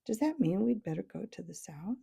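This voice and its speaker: A woman's voice: mid-range voice, sing-song, brisk, gravelly, warm tone, slightly rough, exaggerated voice. A woman voicing an eager, timid young boy in a storybook reading, earnest and unsure.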